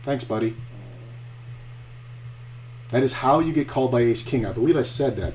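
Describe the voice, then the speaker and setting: A man's voice: mid-range voice, normal speed, pauses often, slight background noise. A man streaming online poker, chatting casually, telling a story and cursing at opponents on screen. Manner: profane, animated storyteller, trash-talking at the screen.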